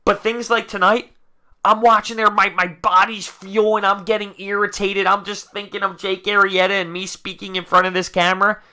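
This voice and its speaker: A man with a somewhat high, very bright and forceful voice hosts a fan reaction vlog, speaking straight to the camera. He sounds frustrated, sinking into low, muttered complaints and then bursting out loudly. His delivery is blunt and heated. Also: level tone, normal speed. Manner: frustrated, swings between low grumbling and loud outbursts. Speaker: sports fan video host. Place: indoors, talking to camera.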